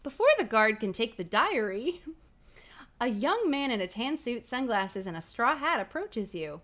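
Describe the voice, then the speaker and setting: A playful woman hosting a livestream reads a children's horror book aloud at home, breaking off for giggly, casually profane asides. Her voice is bright and on the high side, with pitch that swings lively up and down. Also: unhurried. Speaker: livestream host. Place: home streaming setup. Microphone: streaming microphone.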